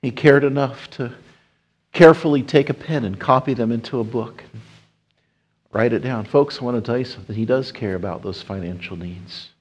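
A man preaching a sermon, rising to emphatic appeals and dropping to soft hushed passages. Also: mid-range voice, moderate pace, breathy edge, lo-fi sound. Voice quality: whispers at times. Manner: swells loud and emphatic, then drops to a soft hush.

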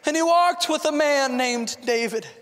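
A man's voice: very high voice, normal speed, fairly bright tone, long reverb tail. A man preaching a fervent sermon as a pastor, building with repeated rhetorical questions.

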